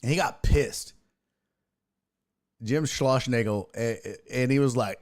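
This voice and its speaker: A man's voice: mid-range voice, slow, long pauses. A man hosting a sports show, ranting casually in a profane, mocking way. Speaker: sports podcast host.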